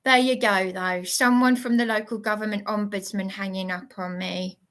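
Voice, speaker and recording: A woman's voice: mid-range voice, steady tone, moderate pace, fairly bright tone. A woman live streaming, shaken and indignant, stumbling over her words as she talks. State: shaky, worked up. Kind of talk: agitated live-stream monologue.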